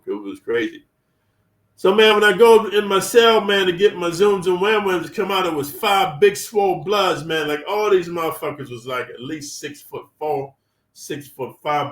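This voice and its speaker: A man from California telling prison stories bluntly, full of street slang and swearing. His voice sits a bit high for a man. It sounds roomy, with the mic set some way off. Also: far from the mic. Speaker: storyteller, former inmate. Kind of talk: profane storytelling.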